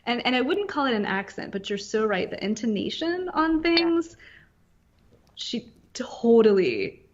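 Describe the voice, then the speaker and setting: A woman's voice: high voice, animated, moderate pace. A woman in her late thirties from northern Virginia, musing aloud as she co-hosts a casual podcast. Her talk rambles and is full of fillers. The recording sounds a little dull and lo-fi. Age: late 30s. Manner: reflective, rambling with many fillers. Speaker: podcast co-host.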